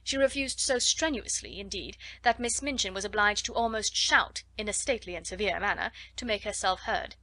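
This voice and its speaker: Woman audiobook narrator, mid-pitched, dry close sound, steady storytelling. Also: brisk, few pauses, no echo. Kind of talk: scripted narration.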